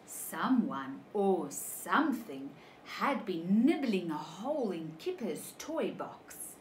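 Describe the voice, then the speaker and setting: Preschool teacher, woman, slow expressive storybook reading, roomy echoey sound. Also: lowish voice, slight background noise. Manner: slow, animated, asks children questions. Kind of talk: reading a picture book to young children.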